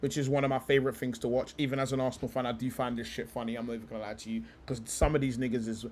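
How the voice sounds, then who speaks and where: Male streamer, casual live reaction host, quick slangy delivery, fades at line ends. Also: mid-range voice, little pitch movement, slight background noise. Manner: fast slang-heavy chat, trailing off quieter. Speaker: livestream host.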